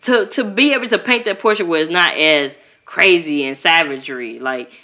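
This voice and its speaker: Bright-voiced woman from Chicago. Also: fairly low pitch, moderate pace. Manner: animated, profane, acts out quoted voices. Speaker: podcast co-host. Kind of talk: casual chat.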